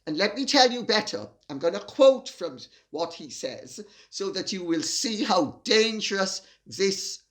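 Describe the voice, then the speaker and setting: An older woman delivering an indignant opinion monologue as a commentator, with emphatic, deliberate stresses. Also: medium pitch, fairly bright tone.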